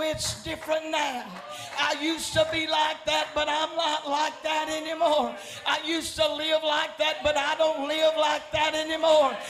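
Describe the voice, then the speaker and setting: Male revival preacher, slow shouted chanting cadence, steady high pitch; echoey church room. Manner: rhythmic, repetitive, chanting cadence. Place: church sanctuary. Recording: echoey church with faint music.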